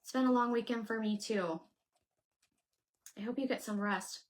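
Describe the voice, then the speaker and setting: A woman's voice: fairly high pitch, normal speed. A woman hosting a casual crafting livestream, chatting away and thinking aloud as she works and answers her viewers. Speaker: craft channel host.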